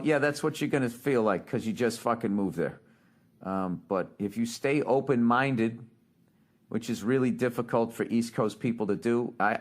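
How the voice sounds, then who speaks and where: With a fairly low voice and no echo, a middle-aged man hosts a podcast in a casual monologue. He rants and swears, and the rant breaks into laughter.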